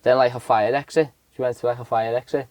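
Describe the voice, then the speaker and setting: Bloke on a podcast, animated story, swears loads, does little voices, middle pitch, dry sound. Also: male voice, quick pace, no echo. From Southport, Liverpool area. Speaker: podcast co-host. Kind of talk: casual chat, anecdote.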